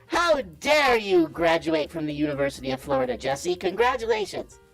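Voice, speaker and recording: A caller on a call-in show sends up a cocky self-styled male business guru, sounding smug, evasive and defensive. The pace is moderate, the voice has vocal fry with wildly swooping pitch, and soft music plays underneath.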